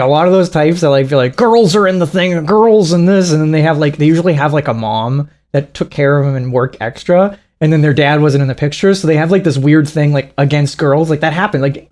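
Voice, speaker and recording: A podcast co-host talking in loose, casual chat, with a voice that swings widely up and down in pitch. The talk rambles and swears freely, breaking into mocking acted-out quotes. The pitch itself sits in a middle range. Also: lively intonation, quick pace, few pauses, darkish tone.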